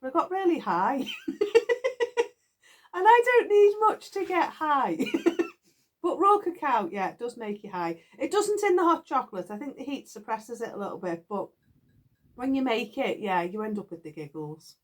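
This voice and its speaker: Chatty giggly British woman, lively pitch. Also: fairly quick. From United Kingdom. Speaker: knitting vlogger. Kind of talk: casual chat to viewers. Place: garden shed.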